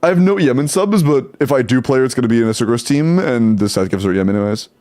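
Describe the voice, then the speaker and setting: A man's voice: mid-range voice, lively intonation, quick pace, a little mellow. A young man live-streaming, chatting casually, rattling off game stats and laughing often.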